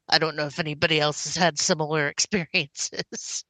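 A woman with a low but bright, sharp voice chats on a casual podcast. She tells relaxed stories and laughs easily. Her sound is dry and close, with no room around it. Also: unhurried, no echo. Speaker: podcast co-host. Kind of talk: casual chat.

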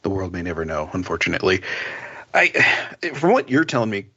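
A man's voice: low voice, very animated, a little fast, bright, forceful tone, slightly rough. A middle-aged man co-hosting a podcast in casual chat, rambling and laughing often. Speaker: podcast co-host. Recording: dull lo-fi sound.

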